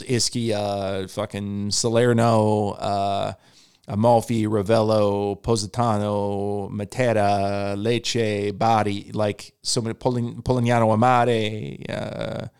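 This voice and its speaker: Gravelly low-voiced man, rambling chat. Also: darkish tone. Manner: rambling, repeats words, lots of swearing, quotes people in quick asides. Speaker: stand-up comedian. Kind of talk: casual podcast chat.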